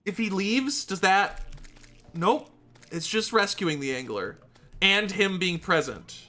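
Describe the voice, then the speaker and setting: A streamer narrating their own run in live gameplay commentary, swinging from muttered planning to exasperated outbursts. The voice is bright and sharp, and the pitch bounces around a lot. Faint game music plays underneath. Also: slow. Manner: exasperated, excitable, talking to self and chat.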